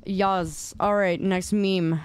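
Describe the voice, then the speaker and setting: A woman's voice: medium pitch, steady tone, slow pace. A woman streaming, chatting casually and reacting to memes with playful, mock-indignant whining and teasing.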